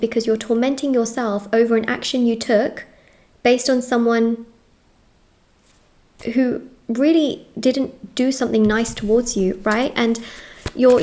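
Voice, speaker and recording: Brief: young woman, tarot reader, slightly high voice, reassuring, emphatic, repeats herself. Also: darkish tone. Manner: reassuring, emphatic, repeats words, says "okay?" often. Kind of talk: tarot reading addressed to viewers.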